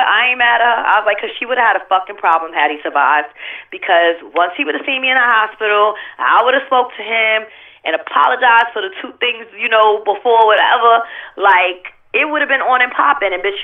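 Woman on the phone, sounds tinny, blunt and cussing a lot, animated story. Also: medium pitch. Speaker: interview guest. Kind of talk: candid interview talk.

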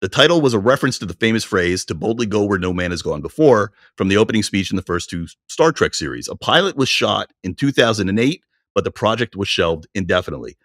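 A man hosting a casual podcast, his voice bright and lively as it swings up and down. He talks in an animated way, laughs easily and now and then reads aloud from notes. The sound is dry and close. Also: fairly low pitch, quick pace, few pauses, no echo. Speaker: podcast co-host. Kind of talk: casual chat.

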